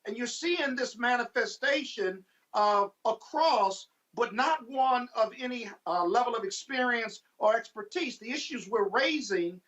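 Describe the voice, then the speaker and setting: A man commenting on a panel in a forceful, explanatory, lawyerly way. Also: very high-pitched, animated, unhurried, few pauses. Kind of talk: panel discussion. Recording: dull lo-fi remote audio.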